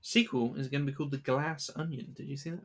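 Low-key man answering a podcast quiz. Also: fairly even intonation, fast. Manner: brief, low-key replies. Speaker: podcast co-host and quiz contestant. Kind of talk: casual quiz podcast chat.

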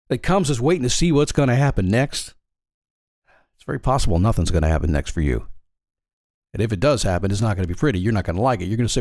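A man's voice: medium pitch, wildly swooping pitch, quick pace, a little mellow, dry recording, clean studio sound. A man giving a blunt, emphatic motivational monologue in a folksy, preaching way. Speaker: motivational speaker.

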